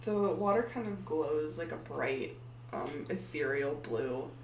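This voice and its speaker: A tabletop game master narrates in a low, expressive, somewhat creaky voice, going a little slowly. She hesitates often and fills the gaps with ums and likes, while the echoey room, distant mic, and faint hum color the recording.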